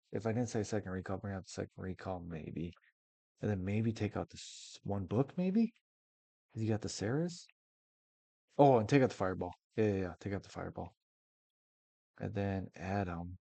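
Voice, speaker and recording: A man's voice: low voice, vocal fry, warm tone, no echo. A man casually commentating a card game match, thinking aloud and weighing options. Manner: musing, thinks aloud with many maybes. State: yawning, tired.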